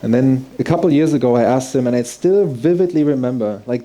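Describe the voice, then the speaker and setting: A man's voice: medium pitch, fairly quick, dark tone. A man telling a personal story on stage, earnest and heartfelt, in vivid present tense. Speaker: speaker.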